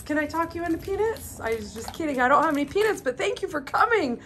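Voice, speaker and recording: Woman on her farm cooing at her goats, big swoopy voice, kinda high, faint farm noise around. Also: very animated, fast talker, hardly any pauses, a bit bright. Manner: affectionate baby-talk to animals, frequent laughs. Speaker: farm vlogger. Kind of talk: casual talk to farm animals. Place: outdoors on a farm. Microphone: handheld camera.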